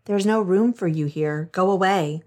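A woman doing a gruff, dismissive innkeeper. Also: high voice, normal speed, a little mellow, natural voice. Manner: harsh, dismissive. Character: gruff impatient male innkeeper.

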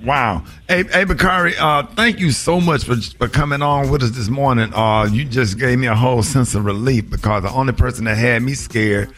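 A man hosting a morning radio show, animated, his pitch jumping high when he jokes. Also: moderate pace, hardly any pauses.

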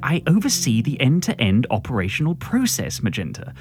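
A man voicing a calm, easygoing husband who reassures his wife in a low-key way. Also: normal speed, faint music behind. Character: gentle, easygoing middle-aged male husband.

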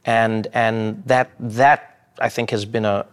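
A man, answering interview questions, an animated storyteller. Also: on the low side, slow pace, clear, resonant tone. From South Africa. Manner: animated storyteller who acts out quotes. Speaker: interview guest. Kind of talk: reflective interview answers with humor.

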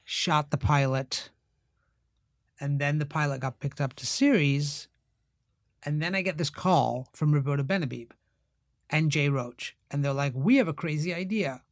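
A man's voice: unhurried, no room sound, studio quality. A man, an actor and TV writer, telling stories as a guest in a casual interview, acting out the voices of other people. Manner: animated, acts out quoted voices with big jumps in pitch.

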